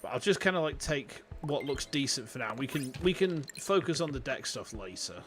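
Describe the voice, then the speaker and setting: Excitable Yorkshire man streaming games. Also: medium pitch, moderate pace, faint music behind. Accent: Yorkshire English. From Yorkshire, England. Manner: chatty and excitable, swears freely, greets chat. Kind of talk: casual gaming livestream commentary. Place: warm room at home with fans running.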